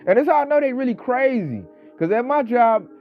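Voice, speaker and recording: A man delivering a casual ranting monologue, talking with animated, mocking energy and mimicking coworkers. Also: very high voice, fairly quick. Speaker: online commentator. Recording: slightly dull audio, faint background music.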